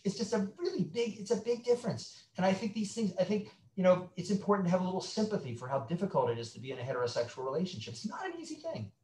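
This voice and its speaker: A middle-aged man speaks as a guest sex therapist, his voice on the higher side and swinging widely as he acts out little scenes. He restarts often and tells things like stories. The sound is roomy, with echo around him. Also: fast talker, few pauses. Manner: animated storyteller, acts out quotes, many restarts. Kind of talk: conversational interview.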